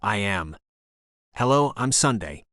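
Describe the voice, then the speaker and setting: A man's voice: fairly low pitch, expressive, takes it slowly, bright, forceful tone, dry recording, studio quality, full character voice. Narrator reads a shy young woman on the run, polite and guarded.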